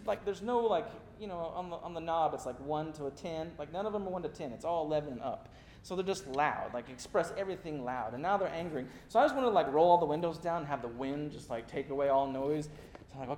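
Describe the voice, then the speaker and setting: A man's voice: expressive, fast talker, a little mellow. A middle-aged man preaching a sermon, telling stories with self-mocking asides. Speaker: pastor. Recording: echoey room with faint rumble.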